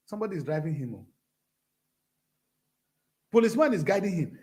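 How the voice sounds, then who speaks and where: A man's voice: fairly high pitch, very animated, a little fast, pauses often, a little mellow. A man with a Nigerian accent hosting his own show, delivering a fiery, preachy and blunt monologue. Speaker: show host. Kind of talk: impassioned monologue.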